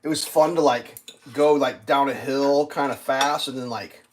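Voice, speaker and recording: Traffic stories pour out on a live stream in a mid-range voice at a moderate pace. It's a ranting, profane ramble heavy on "like," animated, with loud bursts acting out the other drivers.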